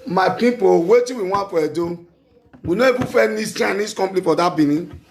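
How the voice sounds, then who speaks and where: A Nigerian man hosts a call-in talk show in a Nigerian Pidgin English accent. His voice sits fairly high, and he speaks in a pleading, impassioned way. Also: expressive, a little fast, vocal fry, a little hiss or hum.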